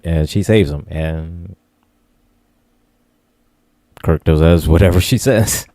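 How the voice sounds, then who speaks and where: A man with a low, mellow voice co-hosting a podcast, rambling easily through his thoughts and leaning on fillers. The recording is dry, with no room sound. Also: slow pace, pauses often, dry recording. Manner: rambling, easygoing, many fillers. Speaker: podcast co-host. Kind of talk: casual chat.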